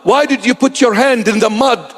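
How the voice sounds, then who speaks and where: A man's voice: very high voice, moderate pace, fairly bright tone. A man preaching as a bishop, telling stories and acting out the people in them. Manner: storytelling, acts out quoted voices. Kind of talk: sermon. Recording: long hall reverb.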